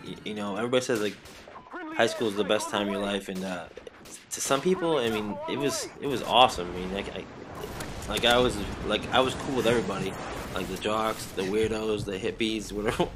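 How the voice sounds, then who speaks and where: A young man with a Boston accent and a slightly hoarse voice, rambling casually with plenty of swearing as he commentates a game. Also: lowish voice, brisk, noisy background. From Medford, near Boston, USA. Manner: rambling, self-correcting, swears freely. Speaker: gameplay commentator. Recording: gunfire from game audio behind.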